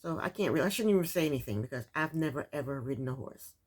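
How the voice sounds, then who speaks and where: A woman's voice: sits low, expressive, racing, darkish tone. Woman host, casual recap chatter, blunt and opinionated. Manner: opinionated, chatty, rhetorical asides to the cast.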